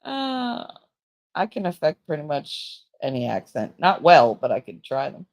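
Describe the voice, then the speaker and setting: Woman, stream host; low, chatty, blunt and jokey, loose rambling delivery. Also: big pitch swings, measured pace, a little mellow. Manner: chatty, rambling, frank and joking. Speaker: livestream host. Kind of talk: casual chat with viewers.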